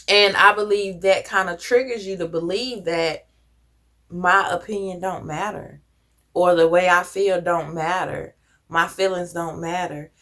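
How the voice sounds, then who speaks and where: A woman's voice: on the low side, sharp tone. A woman vlogger talking earnestly to camera, giving conversational advice with casual slang. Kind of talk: reflective personal talk to camera.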